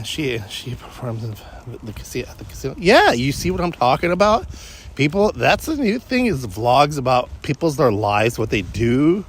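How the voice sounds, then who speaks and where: Vlogger, male, rambling walk-and-talk delivery, loose and chatty, faint traffic behind. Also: mid-range voice. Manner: meandering, self-interrupting, frequent restarts. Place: outdoors on a morning walk.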